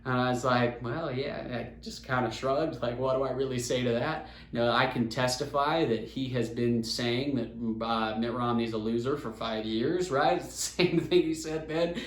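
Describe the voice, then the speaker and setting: A young man from Utah, hosting a podcast and telling a story in a casual, animated way, acting out the quotes. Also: mid-range voice, normal speed, few pauses. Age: young adult. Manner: animated, chatty, acts out quotes. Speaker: podcast host. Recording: roomy echo.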